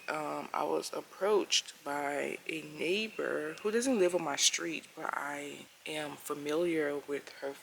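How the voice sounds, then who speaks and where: A woman's voice: low-pitched, creaky, pushed and bright, slight background noise, low-quality recording. A woman telling a personal story casually to camera, earnest and emphatic, acting out the lines she quotes. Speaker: family vlogger.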